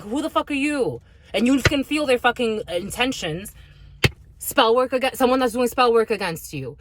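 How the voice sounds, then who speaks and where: A woman's voice: fairly high pitch, a little hiss or hum. A woman giving an intuitive spiritual reading to her viewers, blunt and heavily profane as she rants. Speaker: spiritual reader.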